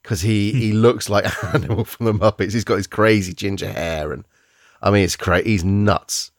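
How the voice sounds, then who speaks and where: A man's voice: lowish voice, moderate pace, dry recording, clean studio sound. A man hosting a podcast, reviewing films in casual, rambling chat, often restarting and searching for words.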